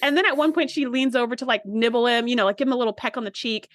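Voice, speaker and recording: A woman's voice: fairly high pitch, rapid-fire, dry recording. A woman co-hosting a podcast, casually recapping an episode and acting out the characters' lines as she goes. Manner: animated storyteller, acts out quotes. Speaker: podcast co-host.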